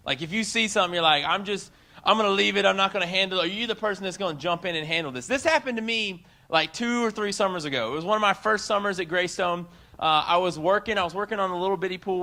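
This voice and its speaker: A young man in his twenties giving a casual youth sermon, telling a story in an animated way and talking straight to the crowd. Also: sits high. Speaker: youth speaker.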